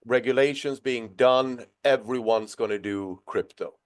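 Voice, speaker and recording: A man's voice: medium pitch, unhurried, smooth. A man moderating a webinar panel over a video call, upbeat, and putting questions to the panelists.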